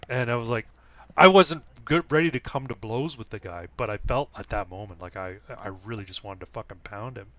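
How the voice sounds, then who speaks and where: A man's voice: mid-range voice, fairly quick, a bit bright. Rambling man telling a story. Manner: rambling storyteller with many restarts. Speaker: guest. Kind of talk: casual chat.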